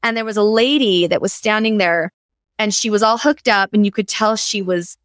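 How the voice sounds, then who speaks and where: Middle-aged lady host telling a story, earnest and lively, super dry close mic. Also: mid-range voice, normal speed, dry recording. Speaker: podcast host. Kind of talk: casual interview storytelling.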